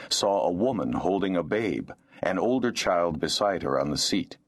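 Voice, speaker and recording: A male audiobook narrator with a very low, deep voice. His delivery moves lively up and down as he tells the story. It is scripted, expressive narration. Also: normal speed.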